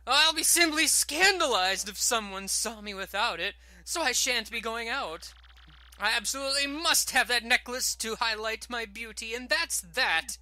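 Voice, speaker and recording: A man's voice: extremely high pitch, moderate pace, bright, forceful tone, no echo, faint music behind, voice pushed up, exaggerated voice. A man voicing a pompous, fussy older woman with a theatrical, haughty way of talking.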